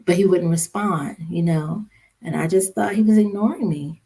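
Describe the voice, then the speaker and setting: Female interview guest with a low, mellow voice, telling a grave personal story haltingly. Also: breathy edge. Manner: halting, many "you know" fillers; somber, recounting a hard memory. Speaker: podcast guest, social worker and mother.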